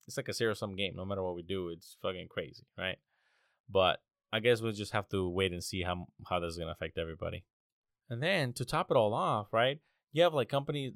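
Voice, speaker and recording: A man's voice: medium pitch, a bit bright, dry recording, clean studio sound. A young man hosting a casual, rambling monologue, exasperated and swearing often. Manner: exasperated, profane, rambling with restarts.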